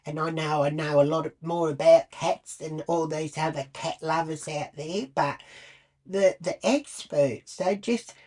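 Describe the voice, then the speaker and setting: A woman's voice: low-pitched, unhurried, darkish tone. A woman telling a crude, blunt comic story full of swearing. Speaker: comedy character storyteller. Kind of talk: comic monologue.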